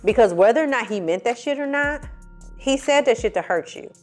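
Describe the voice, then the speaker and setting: Speaking a little fast in a higher voice, a woman recaps a reality show with heavy attitude as faint music plays. She's a film and TV reviewer, sassy, profane and animated in her storytelling.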